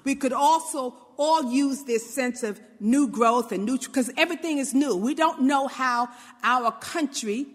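A woman's voice: high-pitched, measured pace, big-room sound. A woman from Brooklyn, giving an informal motivational talk and often checking in with "right?". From New York, Brooklyn. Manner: conversational, often asks "right?", acts out little quotes.

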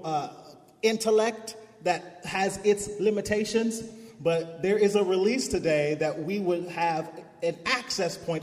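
A male pastor preaching a sermon, leading the congregation in call-and-response with rising, emphatic declarations. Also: sits high. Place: church sanctuary. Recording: echoey hall.

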